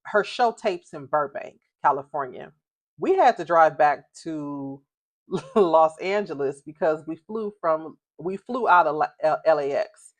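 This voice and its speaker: A woman's voice: mid-range voice, dry recording. A middle-aged woman, a mother, casually telling a story with laughter, acting out quoted voices.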